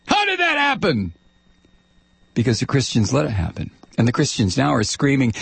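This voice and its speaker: A man's voice: mid-range voice, wildly swooping pitch, normal speed, creaky, a bit bright, slightly rough, no echo. A middle-aged man hosting a political commentary rant, angry and sarcastic, stammering repeats when heated. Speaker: commentary show host.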